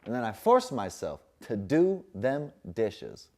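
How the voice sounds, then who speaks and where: Young male vlogger at home, playful slang, animated pitch. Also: slow pace. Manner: playful slangy delivery, puts on voices for his dog. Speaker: fitness vlogger. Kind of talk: casual motivational talk to camera. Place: home, sitting on a couch.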